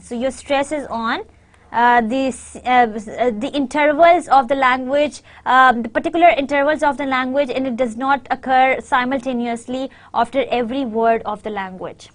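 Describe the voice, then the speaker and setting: A high-pitched woman lectures in English, though her first language is Urdu. She often pauses on "uh" and stretches out her example sentences slowly, one word at a time. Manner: many fillers, reads out example sentences slowly. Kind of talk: university lecture.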